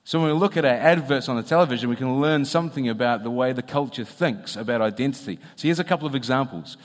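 A man's voice: mid-range voice, fast. New man giving a talk in a hall. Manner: conversational, checks in with rhetorical questions. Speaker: public speaker. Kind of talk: public talk.

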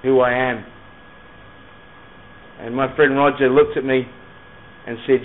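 A man's voice: mid-range voice, flat delivery, takes it slowly. A middle-aged man sharing a personal Christian testimony in an earnest, emphatic storytelling manner. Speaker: Christian speaker. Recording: tinny phone-like recording.

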